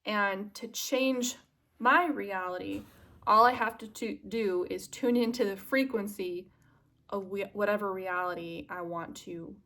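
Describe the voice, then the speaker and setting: A woman's voice: mid-range voice, a little slow, a bit bright. A young woman vlogger chatting casually to the camera, confiding and self-mocking, drifting into earnest musing.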